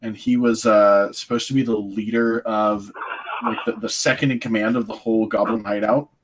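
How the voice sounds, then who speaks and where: A man acting as game master, calmly counting out loot and explaining rules, with frequent apologies. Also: lowish voice. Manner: unhurried, counts things out, apologetic. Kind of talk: running a tabletop game.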